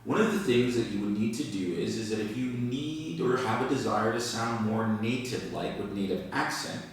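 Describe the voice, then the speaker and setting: A man teaching English in a video lesson, explaining slowly and deliberately and repeating key words. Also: fairly low pitch. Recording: echoey room, distant from the mic.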